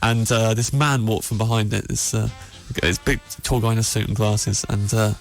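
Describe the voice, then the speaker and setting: A man's voice: lowish voice, fairly even intonation, normal speed, faint music behind. A man hosting a podcast, telling a long anecdote in a rambling, self-deprecating way with many restarts. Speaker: podcast host.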